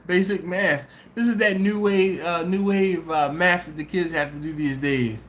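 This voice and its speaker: Hosting a barbecue channel's live stream, this man speaks in a high-pitched voice at a measured pace. He chats loosely, reads comments from viewers aloud, and spins slangy, animated stories punctuated by frequent laughter.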